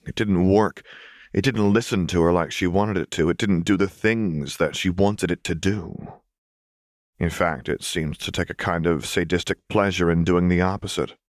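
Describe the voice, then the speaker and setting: Deep-voiced man narrating fan fiction. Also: normal speed, no room sound, studio quality. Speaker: audiobook narrator.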